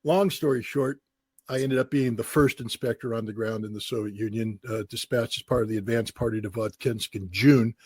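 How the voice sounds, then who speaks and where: A man in his sixties from the United States, telling lively anecdotes as an interview guest, acting out quoted voices. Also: medium pitch, a little fast, slightly rough, no room sound. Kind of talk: storytelling in an interview.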